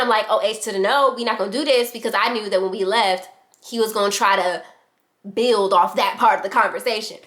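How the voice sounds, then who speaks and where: A young woman vlogger telling a dramatic personal story in a casual, animated way, acting out what people said. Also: medium pitch. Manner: animated, dramatic reenactments of quotes. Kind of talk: storytime vlog.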